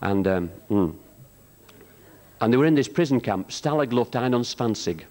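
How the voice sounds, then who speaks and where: A man telling rambling stand-up jokes on a theatre stage, pausing with ums and jumping into shouted character voices. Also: lively intonation. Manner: rambling, hesitant, full of ums between jokes; jumps into high shouted character voices for punchlines. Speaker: stand-up comic at a charity show.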